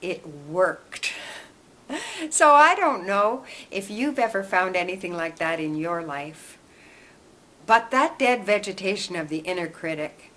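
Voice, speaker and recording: A woman hosting a reflective self-help vlog, telling a personal story in a gentle, earnest way. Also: on the low side. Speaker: host.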